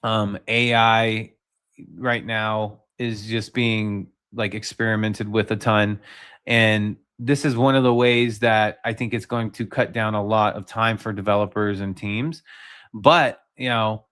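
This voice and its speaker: A man's voice: lowish voice, little pitch movement, unhurried, a bit bright, clear, resonant tone. A man hosting a casual livestream, talking loosely with many fillers and restarts. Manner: rambling, filler-heavy, frequent restarts. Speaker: livestream host.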